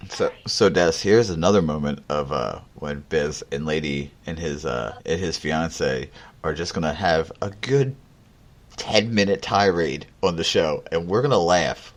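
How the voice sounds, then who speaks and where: Deep-voiced laid-back man. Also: a little slow. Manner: laid-back storytelling, teasing. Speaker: podcast co-host. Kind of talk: casual podcast chat.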